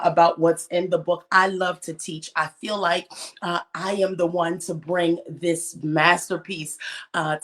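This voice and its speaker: Energetic preachy woman on a live stream. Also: on the low side. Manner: energetic, preachy and encouraging, repeats phrases for emphasis. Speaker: author and life coach. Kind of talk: live-stream book talk.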